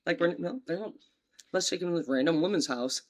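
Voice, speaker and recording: A woman's voice: on the low side, fairly quick. A woman in her forties hosting a podcast, chatting casually with her sister and telling blunt, profane family stories. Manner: profane, animated storyteller. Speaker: podcast host.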